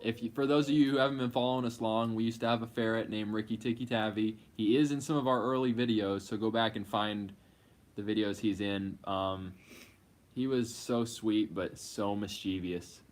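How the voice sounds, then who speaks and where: A man co-hosting a casual live Q&A, playfully reluctant, with quick asides. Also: fairly low pitch, fairly even intonation. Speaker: co-host of a couple's live Q&A. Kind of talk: casual live-stream chat.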